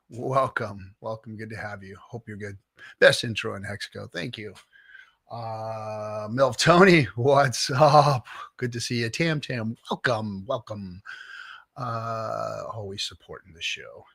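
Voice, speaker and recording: A man hosting a live stream in a bright, forceful voice, cursing freely and ranting at his chat. The sound is close and dry, with no room echo. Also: on the low side, breathy edge. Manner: profane, ranting, exasperated; greets chat viewers by name. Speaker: livestream host.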